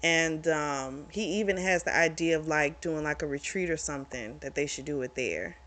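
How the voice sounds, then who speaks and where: Bright, chatty woman reviewing a book. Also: low-pitched, normal speed. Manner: chatty, retells the plot with lots of "like" and "you know". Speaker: book review channel host. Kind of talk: casual spoken book review.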